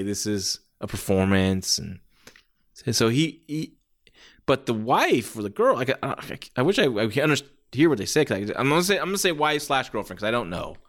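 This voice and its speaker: A man's voice: on the low side, a bit bright. A man giving a casual, rambling spoken review of a wrestling match. He swears freely and often restarts his sentences.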